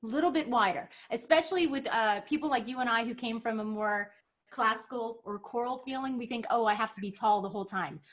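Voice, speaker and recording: A woman voice coach teaching over a video call, encouraging and giving clear instructions about jaw, tongue and mouth. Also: a little high, fairly quick. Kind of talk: teaching a singing lesson.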